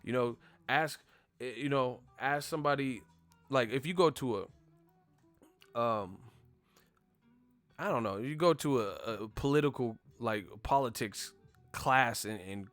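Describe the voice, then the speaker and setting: Soft background music accompanies this young male boxing host, who speaks at a measured pace in a medium pitch and pauses often. Even so, his casual rant is animated and profane, and he slips into impressions of the people he brings up.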